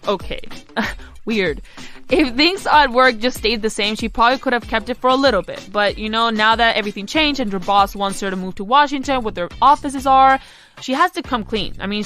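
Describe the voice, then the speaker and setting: A woman's voice: fairly high pitch, fairly bright tone. A young woman hosting a podcast, giving advice in casual chat and rambling with lots of "like" and "you know". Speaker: podcast host.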